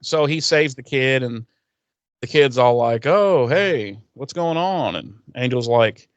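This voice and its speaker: A man's voice: medium pitch, expressive, no echo, muffled recording. A man co-hosting a podcast, casually retelling a TV episode in a rambling, profane way and briefly acting out the characters. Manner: rambling, profane, acts out characters in quick voices. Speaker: podcast co-host recapping an episode. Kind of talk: casual chat, retelling scenes.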